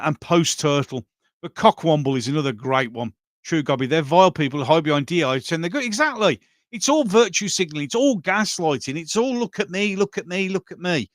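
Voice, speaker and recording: Emphatic man, high voice. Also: a bit bright, dry recording, clean studio sound. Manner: emphatic, opinionated, repeats "exactly". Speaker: livestream host reading chat. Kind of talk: casual chat.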